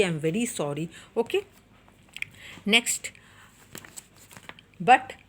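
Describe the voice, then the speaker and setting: A woman's voice: fairly high pitch, a bit bright. A woman teacher with an Indian English accent, reading a story aloud and then explaining it in simple words to her class. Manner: reads a passage then paraphrases it, with frequent "okay".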